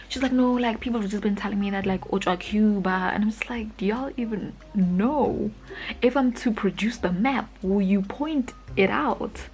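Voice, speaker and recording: A young woman with a South African accent telling a storytime vlog in slangy, animated chat, acting out the other people's lines. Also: fairly high pitch, normal speed, faint music behind, poor audio. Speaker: vlogger.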